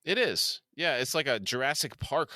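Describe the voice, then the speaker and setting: Male podcast co-host with a bright, crisp voice, recapping scenes on a dry close mic. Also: mid-range voice, expressive, moderate pace, no echo. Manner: narrates scenes, laughs easily. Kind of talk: casual recap of a TV episode.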